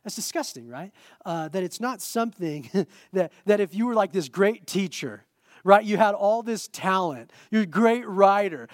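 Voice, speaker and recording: A male preacher delivering a sermon in a chatty, animated manner. He mixes self-mocking jokes with earnest points, and his slightly high voice is recorded close and dry. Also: normal speed, dry recording. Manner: animated, conversational, self-deprecating humor. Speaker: pastor.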